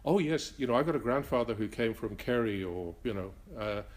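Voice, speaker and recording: An older man from Northern Ireland with a blended Northern Irish and Rhodesian accent, answering interview questions in a reflective, halting way with frequent restarts. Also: medium pitch, animated. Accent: mixed Northern Irish and Rhodesian. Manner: halting, many restarts and fillers.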